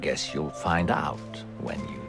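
A man voicing a disembodied guide in a video game who quizzes and directs a little girl in a gentle, teasing manner. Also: extremely low pitch, takes it slowly, creaky, full character voice. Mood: guiding. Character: disembodied male guide voice, smooth and sly. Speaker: narrator voice in a game. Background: game music.

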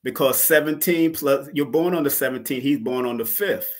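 A man's voice: medium pitch, normal speed. Chuckling man explaining numbers. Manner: explanatory, laughs easily. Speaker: guest numerologist. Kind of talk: casual chat.

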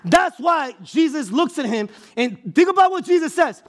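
A man preaching an impassioned sermon as a pastor, often shouting for emphasis and repeating words as he restarts phrases. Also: very high voice, lively intonation, normal speed, some chatter behind.

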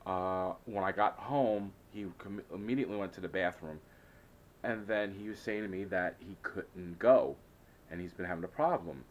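A man's voice: deep voice, normal speed, dull audio. A man telling a rambling, hesitant story in a casual vlog, often frustrated and full of restarts. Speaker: vlogger.

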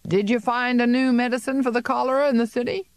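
A woman's voice: fairly high pitch, fairly even intonation, quick pace, dry recording, voice pushed up, close to an everyday voice. A stern, God-fearing old farmer father lectures in a raised, severe voice, as a woman narrator puts him on. The storybook reading is close and dry, with no room sound. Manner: severe, preaching tone.

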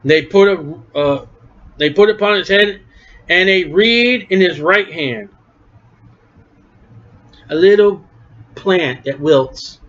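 Impassioned high-voiced male preacher. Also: lively intonation, slow, pauses often. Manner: impassioned, swinging from low murmurs to shouts. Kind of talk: sermon. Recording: dull lo-fi recording.

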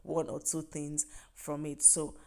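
In a deep, dark, clear and resonant voice, a Nigerian-accented woman demonstrates a recipe with a completely flat delivery at a measured pace. Chatty and encouraging, this cooking vlogger often drives her points home with "yes" and "trust me."

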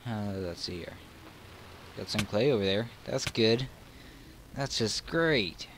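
A Southern man with a lowish voice comments on his own game at an unhurried pace. He mutters between frustrated or excited outbursts, and a faint hum sits behind him. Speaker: gaming channel host. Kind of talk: let's play commentary.

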